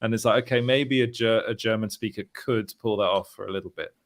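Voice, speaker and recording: A man's voice: on the low side, fairly even intonation, fast talker. A man hosting a casual podcast chat about films, rambling, restarting sentences and laughing often. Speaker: host.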